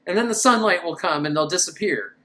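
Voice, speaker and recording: A woman voicing a panicked male professor who shouts orders in a high, strained voice. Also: fairly quick, echoey room, close to an everyday voice. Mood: urgent. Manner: frantic, shouty.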